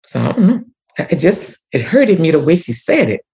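A woman from Louisiana, a community activist and former teacher, tells a personal story in a low, darkish, very animated voice at normal speed. She is earnest and prayerful and restarts her sentences often and repetitively, on a low-quality recording.

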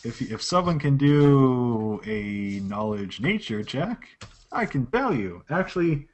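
A man's voice: mid-range voice, very animated, slow pace. A man running a tabletop game as game master, describing scenes in detail and often restarting his sentences. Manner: descriptive narration with frequent restarts.

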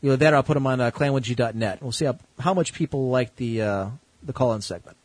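A US man hosts an online call-in show, speaking fast in a mid-range voice, laid-back and joking with crude language. The recording is dry and rough.

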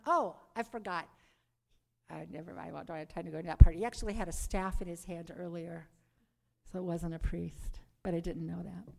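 A woman's voice: fairly low pitch, brisk, gravelly. Middle-aged woman telling her testimony in a reverberant hall. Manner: lively storyteller who calls for "Amen" and "Praise the Lord". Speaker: speaker giving her conversion testimony. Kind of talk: testimony talk to a live audience.

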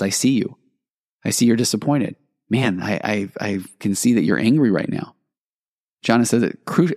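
Guy with a lowish voice doing a solo podcast, earnest and a bit self-mocking, super dry sound. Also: creaky, darkish tone, no room sound. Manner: earnest, self-deprecating, acts out parent dialogue. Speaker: podcast host. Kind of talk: reflective solo podcast talk.

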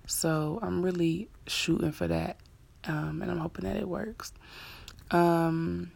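Low gravelly young woman chatting. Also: takes it slowly. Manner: relaxed and candid, many fillers, drifts into soft half-whispers. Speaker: podcast host; graduate student. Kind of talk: casual solo podcast chat.

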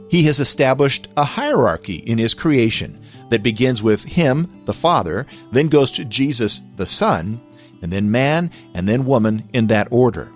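An American man hosting a podcast, chatting loosely and chuckling as he answers listener questions, with many fillers and restarts. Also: medium pitch. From United States. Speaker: podcast host.

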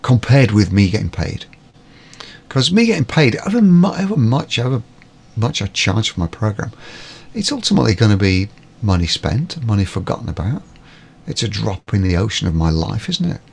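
Man, from Britain, podcast guest, gravelly and husky, lively pitch, stammering restarts. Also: fairly quick. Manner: animated, stammers and repeats words when starting. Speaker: guest, business coach. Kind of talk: podcast conversation.

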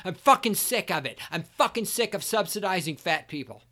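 Bright-voiced man ranting angrily. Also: high-pitched, animated, fairly quick. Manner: angry, profane ranting, sometimes shouting. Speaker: podcast host. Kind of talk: solo podcast rant.

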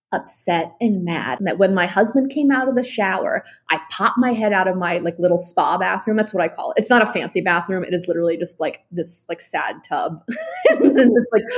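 A woman on a podcast chatting casually, talking in an animated way, swearing freely and filling her speech with "like.". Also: medium pitch, moderate pace.

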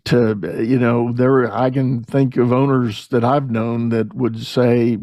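A man's voice: medium pitch, level tone, slow pace, warm tone, no room sound. A middle-aged man hosting a podcast, chatting conversationally and telling stories with acted-out quotes. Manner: storytelling, acts out quoted voices. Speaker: podcast host. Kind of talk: conversational interview.

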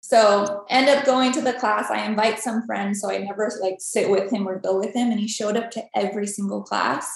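A woman guest on a podcast, telling her faith story in a lively, storytelling way and acting out the dialogue. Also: mid-range voice, moderate pace, gravelly, hardly any pauses. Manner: animated storytelling, acts out dialogue. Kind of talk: personal faith testimony. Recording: very echoey room.

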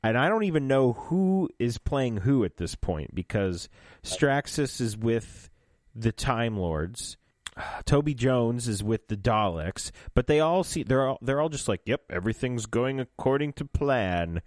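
A man's voice: medium pitch, animated, measured pace, no echo, studio quality. A man co-hosting a podcast, chatting casually and animatedly, often laughing as he recaps a story. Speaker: podcast co-host. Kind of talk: casual chat recapping an audio drama.

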